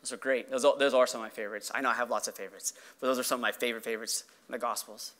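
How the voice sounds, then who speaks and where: A man preaching a sermon as pastor, earnest and conversational, often checking in with the congregation with a quick tag question. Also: mid-range voice, fairly even intonation, fairly bright tone.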